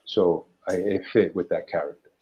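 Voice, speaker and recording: A middle-aged man, a guest actor, telling stories in an animated, anecdotal way during a casual interview. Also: low voice, normal speed. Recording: dull lo-fi audio.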